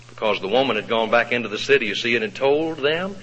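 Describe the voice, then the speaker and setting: A male preacher telling a Bible story in a sermon, folksy and expressive, asking the congregation questions. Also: medium pitch, fast talker, few pauses. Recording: echoey hall, dull lo-fi sound.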